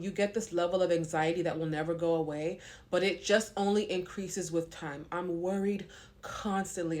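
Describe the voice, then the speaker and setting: Young woman, pregnant, frank, talkative, slightly low voice, casual vlog. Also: a little mellow. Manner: blunt and frank; long-winded and talkative. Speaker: vlogger. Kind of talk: casual talk to camera.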